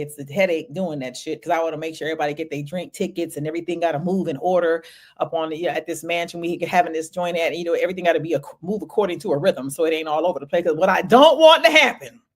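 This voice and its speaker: A middle-aged woman, hosting a livestream in a casual comedic monologue with animated, swearing bursts and laughs. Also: low-pitched, fast. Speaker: livestream host.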